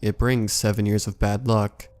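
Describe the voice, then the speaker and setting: A man's voice: fairly low pitch, little pitch movement, normal speed, darkish tone, lightly acted. A man voicing a mysterious teenage girl whose chipper manner turns curt and guarded. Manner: sweet on the surface, curt underneath.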